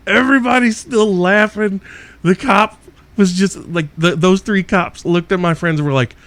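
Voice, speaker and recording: A man's voice: high voice, measured pace, fairly bright tone. Profane, laughing male podcast host. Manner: profane, laughs through his own story. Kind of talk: casual storytelling.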